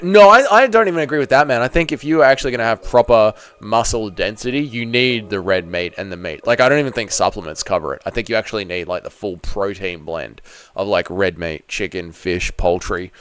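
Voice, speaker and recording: A man's voice: fairly low pitch, fairly quick, fairly bright tone, clear, resonant tone. A man hosting a casual live stream, reading chat and giving opinionated takes with frequent stumbling restarts.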